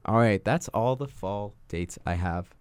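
A man's voice: on the low side, unhurried, a little mellow, clean tone, no room sound. A young man in his twenties co-hosting a podcast, telling rambling stories in casual chat, full of fillers and restarts. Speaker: podcast co-host.

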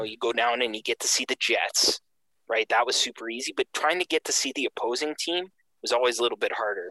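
A man from Canada telling a casual story with animated energy, acting out the voices of the people in it. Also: mid-range voice, no echo, low-quality recording. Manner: animated, acts out quoted voices.

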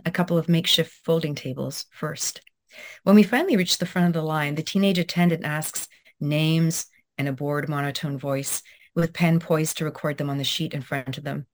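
A woman in her thirties, a guest talking reflectively in an interview with many pauses and restarts, then reading her own essay aloud. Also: deep voice. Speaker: guest author.

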